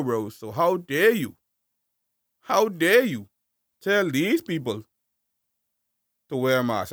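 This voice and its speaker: A man co-hosting a casual podcast chat, animated and full of slang, ranting hard. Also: mid-range voice, unhurried, long pauses, dry recording, studio quality. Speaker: podcast co-host.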